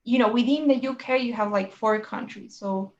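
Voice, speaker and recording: A woman's voice: fairly high pitch, normal speed, darkish tone, lo-fi sound. A woman teaching a one-on-one English lesson, explaining in a chatty way and often checking with "right?" and "you know?".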